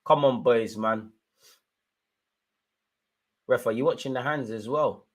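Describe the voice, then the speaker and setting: An animated young man calls a football match live for his viewers, full of street slang. He talks in a steady, mid-pitched voice that climbs into heated outbursts aimed at the referee. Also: slow pace. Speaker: live match watchalong host. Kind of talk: excitable live football commentary and reaction.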